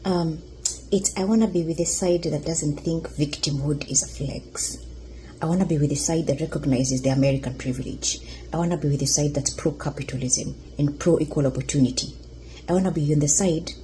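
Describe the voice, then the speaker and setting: Combative woman with a low mellow voice. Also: slight background noise, low-quality recording. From Kenya. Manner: sarcastic, combative. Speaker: commentator reacting to a clip. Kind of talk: reaction commentary.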